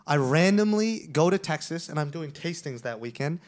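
Podcast host guy, fairly high voice, swears a lot, jumps into quoted voices mid story. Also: normal speed. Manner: profane, animated, acts out quoted dialogue. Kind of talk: casual storytelling chat.

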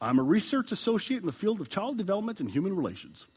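A man's voice: sits high, sing-song, quick pace, darkish tone, a little hiss or hum, pitched above the performer's own voice. A man reading as a proud, emphatic mother. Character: proud mother boasting of her job title.

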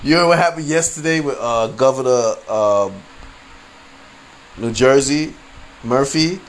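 A man's voice: medium pitch, measured pace. A man hosting a casual solo podcast, rambling and laughing often, full of slang and profanity. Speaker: podcast host. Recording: faint background noise.

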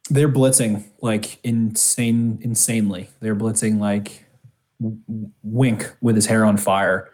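A man with a fairly low voice talks football on a podcast in an easygoing, casual way. He rambles and restarts his sentences often, piling on fillers as he thinks aloud. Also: little pitch movement, takes it slowly, darkish tone. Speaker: podcast co-host. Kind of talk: casual sports chat.

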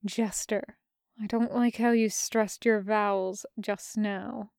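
A woman voicing a tense, soft-spoken young man who talks in a quiet, hushed way. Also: mid-range voice, fairly even intonation, takes it slowly, vocal fry, smooth, dry recording, studio quality. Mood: hushed, anxious.

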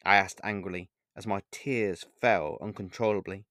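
A man's voice: deep voice, steady tone, normal speed, fairly bright tone, no echo, studio quality. A man reading his own first-person short story aloud with earnest, emotional delivery.

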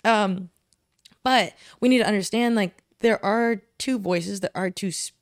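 A woman's voice: medium pitch, normal speed, dry recording, clean studio sound. Young woman, chatty faith podcast. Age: young adult. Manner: animated, leans on "like" fillers. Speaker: podcast co-host. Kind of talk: casual faith discussion.

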